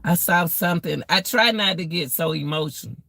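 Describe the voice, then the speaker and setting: Preachy woman with a gravelly voice. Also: on the low side, fairly quick, bright, forceful tone, dry recording. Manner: preachy, repetitive, emotional. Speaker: vlogger. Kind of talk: casual life-advice talk.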